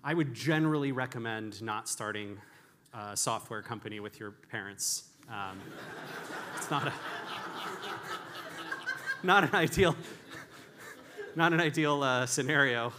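A man's voice: medium pitch, moderate pace, noisy background. A man giving a candid, storytelling conference talk with frequent restarts and self-deprecating humor. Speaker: conference speaker.

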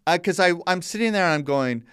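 Chatty male co-host, smooth resonant tone, dry mic, quick to exclaim. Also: high voice, expressive, a bit bright, no room sound. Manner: chatty, exclaims and mimics himself in raised voice. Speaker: podcast co-host, father. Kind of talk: casual chat.

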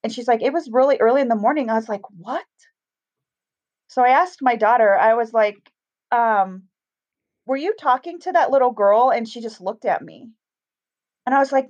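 A woman's voice: a little high, moderate pace. A middle-aged woman casually telling a story, acting out the voices of the people in it. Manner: animated, acts out quoted voices. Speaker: guest telling a ghost story. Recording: dull, lo-fi sound.

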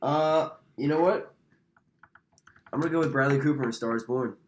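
A man chatting in casual podcast banter, jumping in with quick asides. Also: mid-range voice, slight background noise. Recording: roomy echo.

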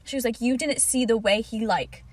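A woman's voice: on the high side, normal speed, darkish tone, a little hiss or hum. A young woman co-hosting a casual chat podcast, telling a long story and quoting everyone with lots of "like". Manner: storytelling, quoting others with many "like"s. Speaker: podcast co-host.

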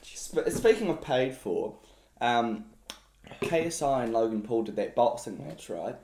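A man's voice: mid-range voice, expressive, a little slow, mellow, slight background noise. A young man with a New Zealand accent, co-hosting a podcast in a playful, chatty way. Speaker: podcast co-host. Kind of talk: casual chat. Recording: echoey room.

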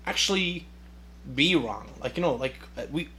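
A man's voice: a little high, expressive, moderate pace, bright, forceful tone, slight background noise. Sarcastic, swearing man podcast host. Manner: profane, sarcastic, rambling with many fillers. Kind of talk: casual solo rant.

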